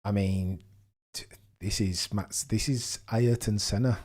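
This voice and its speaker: A young man hosting a live race watchalong, commentating casually and reacting with excitement. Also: lowish voice, slow pace. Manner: excitable, exclaims and gasps at on-track action.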